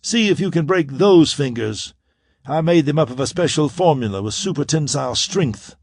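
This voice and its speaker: A man voicing a sarcastic, excitable android man who sneers at his crewmates in an audiobook. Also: a little high, normal speed, vocal fry, dry recording, clean studio sound, pitched above the performer's own voice. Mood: sneering. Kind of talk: audiobook character voice.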